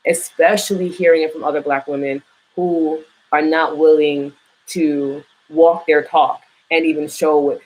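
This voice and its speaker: A young adult woman with a New York accent hosting a casual live chat, frank and profane, swooping up in pitch when she gets worked up. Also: fairly even intonation, unhurried, darkish tone, poor audio. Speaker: podcast host.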